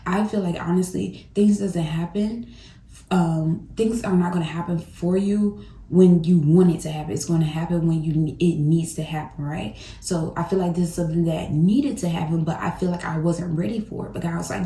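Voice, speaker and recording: A woman's voice: on the low side, fairly quick, dark tone. A woman vlogger chatting straight to her viewers from her home kitchen. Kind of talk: casual talk to the camera. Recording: echoey room.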